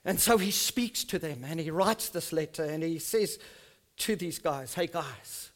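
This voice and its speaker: A man in his fifties preaching a sermon to his church, reading scripture slowly and emphatically, then dropping his voice to soft asides. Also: a little high, animated. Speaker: pastor. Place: church service.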